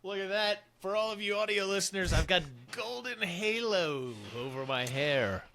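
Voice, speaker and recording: A man co-hosting a comedy podcast, riffing and teasing his partner with quick playful interjections. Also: sits high, expressive, bright, forceful tone, a little hiss or hum. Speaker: podcast co-host. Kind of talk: improvised comedy banter.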